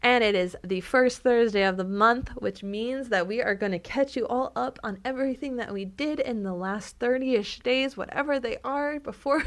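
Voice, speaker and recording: A young woman co-hosts a podcast in an easy, chatty way. She laughs often and jumps from excited bursts back to flat, dry asides. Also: fairly high pitch, creaky. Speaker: podcast co-host. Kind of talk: casual chat.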